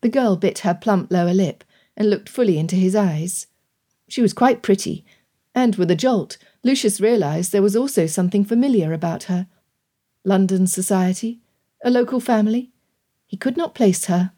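This is scripted audiobook narration by a woman whose delivery stays calm and even. She speaks at a medium pitch.

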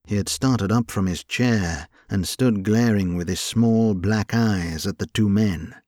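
Reading a scripted audiobook, this fairly low-voiced man keeps his storytelling steady and measured. The audio is dry and of studio quality.

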